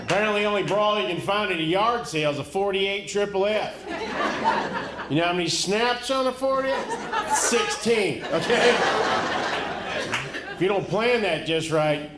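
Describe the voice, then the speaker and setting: A middle-aged man from the rural United States doing a stand-up comedy set, telling folksy, deadpan stories and chuckling at his own punchlines. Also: high-pitched, moderate pace, pauses often, over a noisy crowd, very noisy. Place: comedy venue stage before a live audience. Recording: echoey live venue with loud audience laughter.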